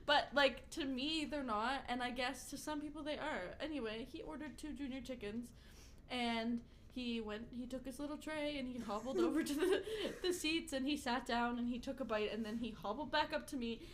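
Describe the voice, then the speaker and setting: A woman's voice: sits high, normal speed, slight background noise. A young woman co-hosting a podcast, telling work stories in casual chat and laughing through the punchlines. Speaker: podcast co-host.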